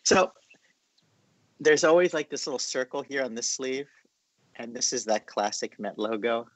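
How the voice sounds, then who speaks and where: A man's voice: medium pitch, moderate pace, dry recording. A man hosting a casual drawing lesson, explaining each step in a chatty, encouraging way with lots of fillers. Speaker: art class host.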